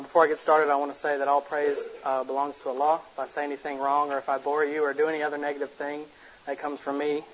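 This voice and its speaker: A man giving a casual public lecture to an audience, blunt and direct, telling jokes and stories. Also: on the high side. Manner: blunt, direct, jokey storyteller. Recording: muffled lo-fi recording.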